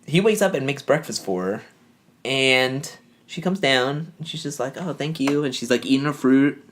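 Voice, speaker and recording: A man of ordinary pitch chats casually as a podcast co-host. He rambles through a recap, leaning on fillers and acting out what people said. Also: animated, normal speed, fairly bright tone. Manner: rambling, filler-heavy, acts out quoted lines. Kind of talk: casual chat recapping a TV show.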